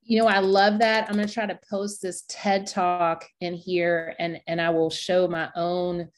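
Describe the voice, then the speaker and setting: A woman leading a workshop discussion, retelling a story in a lively way and acting out the quoted voices. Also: lowish voice, measured pace. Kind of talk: conversational storytelling.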